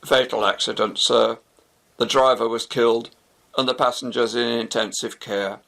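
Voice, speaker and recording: A man voicing a formal police officer calmly delivering bad news. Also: medium pitch, moderate pace, vocal fry. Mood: grave. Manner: formal, grave.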